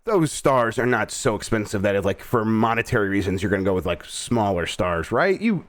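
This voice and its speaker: A man's voice: on the low side, very animated, fairly quick. A middle-aged American man hosting a game news show, reading headlines and then riffing on them in an easygoing way with lots of fillers. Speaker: host. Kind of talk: casual news chat.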